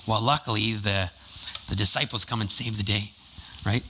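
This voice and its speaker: A man's voice: on the low side, steady tone, moderate pace, noisy background. A man preaching a casual, conversational sermon, full of jokey asides and fillers.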